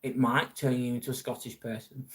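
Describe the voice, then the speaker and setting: A man's voice: mid-range voice, level tone, a little fast. A man hosting a casual livestream, chatting bluntly with viewers and swearing freely. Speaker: livestream host reading viewer chat. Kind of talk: casual live chat.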